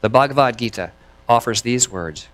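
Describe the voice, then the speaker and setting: A man preaching a sermon as minister, chatty and lively, laughing between thoughts and leading his congregation in repeating lines. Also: mid-range voice, normal speed. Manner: leads the congregation in call and response.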